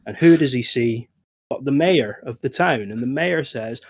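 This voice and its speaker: A man's voice: mid-range voice, lively intonation, normal speed, gravelly, darkish tone, no echo. A man telling a comic story over a video call, delivering the jokes in a dry, playful way. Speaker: player. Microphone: webcam video call.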